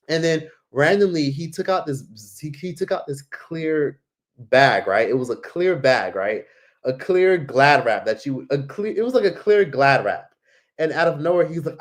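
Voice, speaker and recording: A man's voice: fairly high pitch, lively intonation, normal speed. Rambling man telling a travel story. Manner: rambling, swears a lot, heavy filler words. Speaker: vlogger. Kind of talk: casual storytelling.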